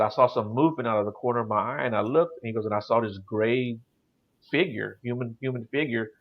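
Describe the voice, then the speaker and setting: A man's voice: lowish voice, muffled recording. A middle-aged man telling his paranormal experiences in a casual, rambling way, full of "you know" and "like". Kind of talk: casual storytelling on a call-in show.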